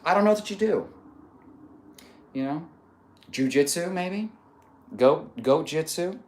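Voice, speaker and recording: A man's voice: on the high side, lively intonation, takes it slowly, a little hiss or hum. A man reading out chat comments on a casual live stream, joking and laughing often. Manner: playful, laughs often, reads comments aloud.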